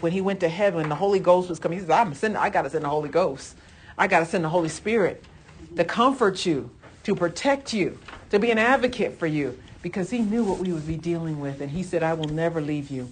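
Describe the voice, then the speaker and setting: A woman's voice: medium pitch, slight background noise. A woman teaching a church Bible lesson in a fervent, emphatic way. She talks conversationally, with asides and restarts, and breaks in with exclamations of praise. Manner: fervent, emphatic, exclaims "Hallelujah" between points.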